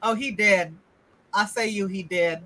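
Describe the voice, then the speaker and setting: A woman running a tabletop role-playing game as game master, animated and teasing, laughing often. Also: medium pitch, measured pace, low-quality recording. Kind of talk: casual tabletop game narration.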